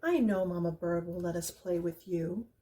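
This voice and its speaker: A woman's voice: fairly low pitch, normal speed, warm tone, recorded from a distance, natural voice. A woman voicing a sweet little baby bird in a storybook reading, speaking cheerfully and encouragingly.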